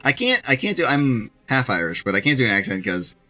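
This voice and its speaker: Joking young man with a bright voice. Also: medium pitch, big pitch swings, a little fast. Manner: joking, rambling, laughs often. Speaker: let's play co-host. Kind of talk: casual gameplay chat. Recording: faint game music behind.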